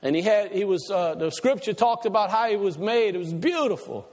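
A man's voice: sits high, lively intonation, a little fast, darkish tone. A man preaching a sermon to a congregation, asking them questions, with folksy Southern turns of phrase. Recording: long hall reverb.

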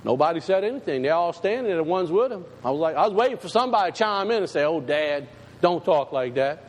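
High, lively pastor preaching. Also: male voice, very fast. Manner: folksy, emphatic, talks straight to the congregation. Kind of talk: storytelling sermon. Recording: long hall reverb, faint background noise.

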